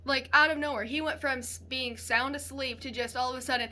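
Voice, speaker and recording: A woman's voice: high-pitched, brisk, hardly any pauses, raised voice, very noisy. A young woman casually telling a frightening paranormal story, rambling and swearing as she goes. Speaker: storyteller sharing a paranormal experience.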